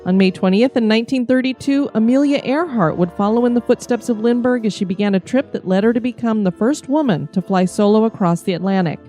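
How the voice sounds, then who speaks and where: A woman co-hosting a podcast, giving a steady, informative scripted history narration. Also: fairly high pitch, fast, few pauses, faint music behind. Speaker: podcast co-host.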